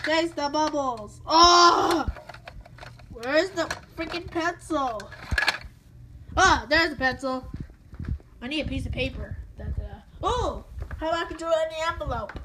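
Give me a high-pitched woman rambling slowly through improvised toy play. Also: noisy background. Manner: rambling, full of fillers and restarts.

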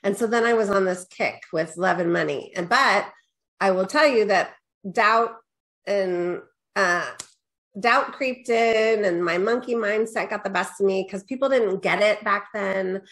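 A middle-aged woman, a guest business coach, telling her story casually in an interview and acting out her own past lines. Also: a little slow. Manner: animated storyteller, quotes herself with rising pitch; peppers talk with "right?" and "da, da, da".

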